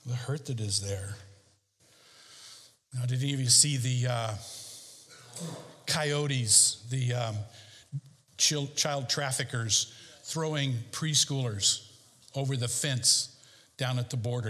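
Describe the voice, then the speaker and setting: A male pastor delivering a sermon in a church, preaching emphatically with sharp rises and drops in pitch. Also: slow, pauses often. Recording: long hall reverb.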